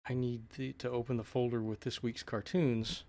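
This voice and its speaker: A man's voice: medium pitch, flat delivery, darkish tone. A man co-hosting a live stream, chatting casually and laughing while cartoons play, with many fillers and restarts. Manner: laughs often, halting with fillers. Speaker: podcast co-host. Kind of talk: casual chat over cartoons.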